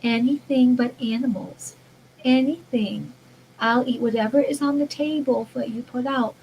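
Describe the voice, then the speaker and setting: A woman's voice: a little high, measured pace, dull audio, slight background noise. A woman voicing a small girl who pleads that she will not eat meat. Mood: pleading. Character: tender little girl refusing to eat meat.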